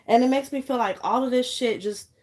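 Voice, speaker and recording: A woman's voice: fairly high pitch, fairly quick, darkish tone. A young woman venting on camera in an angry, profane vlog rant, fighting back tears. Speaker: vlogger.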